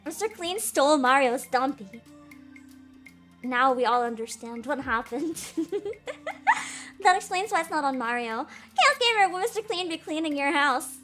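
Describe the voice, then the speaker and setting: A woman's voice: high voice, expressive, a little slow, fairly bright tone, faint music behind. A woman streaming live as a VTuber, hyper and giggly, chatting casually, swearing freely and greeting viewers by name.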